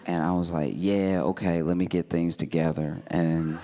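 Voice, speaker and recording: A man doing stand-up, telling a story in a deadpan, laid-back way with laughing asides. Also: low voice, normal speed, background noise. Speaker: stand-up comedian.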